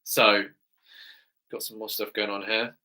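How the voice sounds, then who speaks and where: A man's voice: lowish voice, flat delivery, measured pace, pushed and bright. A man with an English accent, a fitness coach chatting enthusiastically with viewers on a live stream Q&A, often tagging his sentences with "right?".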